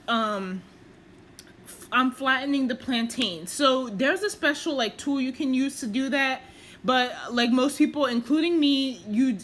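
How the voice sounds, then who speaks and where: A cooking vlogger chats casually over her cooking video, her voice on the high side with a fairly bright tone. She's self-deprecating and uses plenty of fillers while explaining each step.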